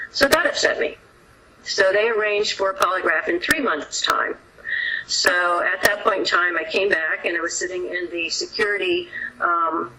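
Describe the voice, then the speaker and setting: Bright-voiced middle-aged woman telling her story. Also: lowish voice, a little hiss or hum, low-quality recording. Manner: narrates in long runs with restarts, quoting others' words. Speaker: whistleblower guest. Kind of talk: recounting a personal story.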